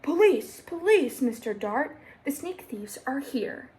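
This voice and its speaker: A woman voicing a flat young boy hero in a storybook, earnest and plain. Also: fairly high pitch, fast, vocal fry. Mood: shouting alarm. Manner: earnest, then shouting for police.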